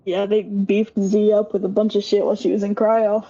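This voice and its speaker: A woman playing in a tabletop role-play stream, excitable and playful, laughing often. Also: medium pitch, moderate pace, highs cut off. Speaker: tabletop game player. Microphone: home mic on a live stream.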